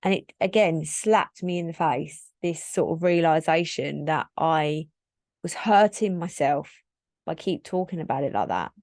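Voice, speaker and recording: Low-voiced woman in her thirties, candid. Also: animated, unhurried, darkish tone, no echo, clean studio sound. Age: 30s. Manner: candid, reflective, rambling with frequent "like" fillers. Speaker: podcast host. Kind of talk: solo podcast monologue.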